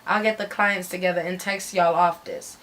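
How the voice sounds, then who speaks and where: A woman's voice: on the low side, fairly even intonation, normal speed, fairly bright tone, voice pushed down, natural voice. A woman voicing a brash, bossy male pimp who talks in street slang, in a dramatic story reading. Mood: pushy. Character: brash male pimp, pushy and smooth-talking.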